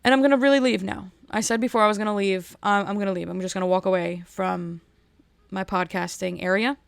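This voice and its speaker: A woman's voice: mid-range voice, fairly even intonation, fairly quick, gravelly, smooth, no room sound, clean studio sound. A woman hosting a casual solo podcast from a home podcasting corner, rambling and heartfelt, with many restarts. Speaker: podcast host.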